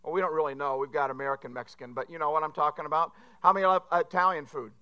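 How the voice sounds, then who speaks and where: Male pastor, sermon delivery, self-deprecating humor, high and bright. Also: steady tone, rapid-fire, smooth, dull audio. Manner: rambling, self-deprecating joke-telling.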